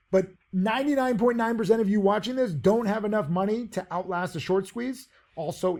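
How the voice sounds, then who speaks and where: A man's voice: sits high, dark tone. A man giving a casual video lesson on trading, brash, boastful and blunt. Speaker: trading teacher.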